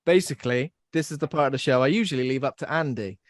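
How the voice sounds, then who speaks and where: A man's voice: medium pitch, fast talker, no echo. A young man hosting a podcast in casual chat, rambling and self-deprecating as he laughs at his own jokes. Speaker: podcast host.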